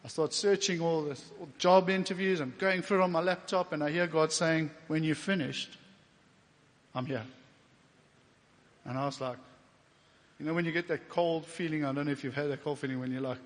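A man's voice: fairly high pitch, fairly even intonation, normal speed, pauses often. South African man preaching in a reverberant church. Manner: emotional, getting teary at times; conversational with fillers and quoted inner speech. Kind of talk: personal testimony sermon. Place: church hall.

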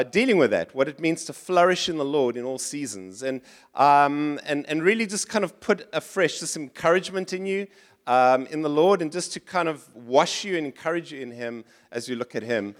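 A man's voice: fairly high pitch, lively intonation, moderate pace. A middle-aged man, preaching a sermon in church in a conversational style, often restarting and going off on asides. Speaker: pastor.

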